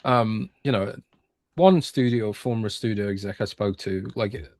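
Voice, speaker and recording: A man's voice: lowish voice, measured pace, darkish tone, no room sound, studio quality. A British man, a games reporter, talking casually on a podcast with lots of restarts and fillers. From Britain. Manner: hesitant, many restarts and fillers.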